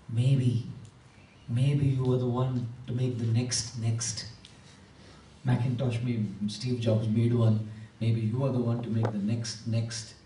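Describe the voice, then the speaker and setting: A man's voice: mid-range voice, dark tone, a little hiss or hum. A man giving an emphatic motivational talk to a live audience, repeating key words and asking the crowd questions. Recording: echoey hall, voice from a distance.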